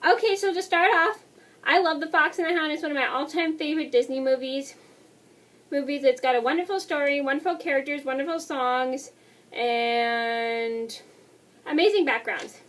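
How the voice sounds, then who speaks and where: High-voiced young woman, fast and rambling. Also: distant mic. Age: 20s. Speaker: vlogger. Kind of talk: casual movie review.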